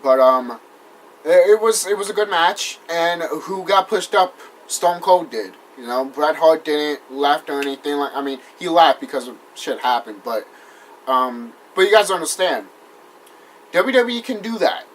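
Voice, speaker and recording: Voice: mid-range voice, lively intonation, measured pace, slight background noise. A wrestling vlogger ranting in casual talk, heated and profane, rambling with restarts and apologizing after outbursts. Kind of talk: casual vlog rant.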